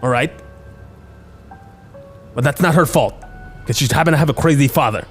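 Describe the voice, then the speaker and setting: A man's voice: fairly high pitch, moderate pace, faint music behind, natural voice. A man voicing a goofy, defensive middle-aged dad who blusters and jokes at his kids. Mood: blustering. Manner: blustering, joking, exaggerated.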